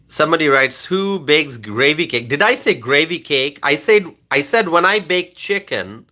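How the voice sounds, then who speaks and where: A man hosts a casual live stream about politics, reading out viewer comments and replying in a loose, rambling way. His voice is slightly high and very bright, and he keeps tagging his sentences with "okay?". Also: expressive, moderate pace.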